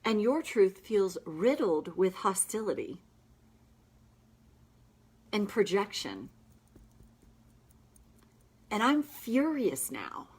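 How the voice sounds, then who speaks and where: A woman practitioner guiding listeners through a tapping session with slow, emphatic affirmations. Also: medium pitch, very animated, a little mellow, breathy edge.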